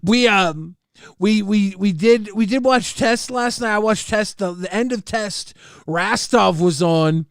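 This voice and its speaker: A man's voice: sits high, measured pace, vocal fry, clear, resonant tone, dry recording, studio quality. A man co-hosting a casual livestream chat, laughing often, swearing and reading viewer messages aloud. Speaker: co-host.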